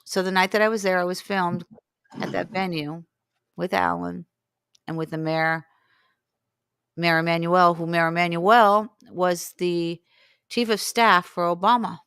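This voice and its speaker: A woman's voice: on the low side, unhurried, gravelly, long pauses, clean tone, no echo, studio quality. A woman in her sixties, a guest in an interview, telling a long story and acting out what people said to her. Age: 60s. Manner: animated, acts out quoted dialogue. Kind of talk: storytelling in conversation.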